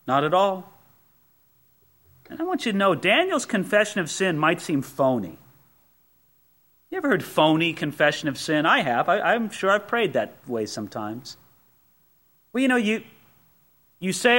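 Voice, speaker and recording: A man's voice: a little high, sing-song, normal speed, pauses often, a bit bright. A male pastor preaching a sermon, emphatic and folksy, with rhetorical questions and personal asides.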